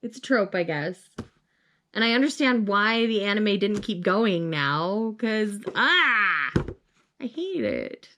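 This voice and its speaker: A woman's voice: mid-range voice, measured pace, a bit bright. A woman reviewing manga in a casual reaction vlog, chatty and rambling, venting her frustration with groans and sighs.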